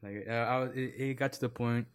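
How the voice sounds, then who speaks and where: A man's voice: mid-range voice, fairly even intonation, a little fast, clear, resonant tone. A man telling long work stories in casual chat, rambling with many fillers and acting out quoted voices. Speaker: podcast guest.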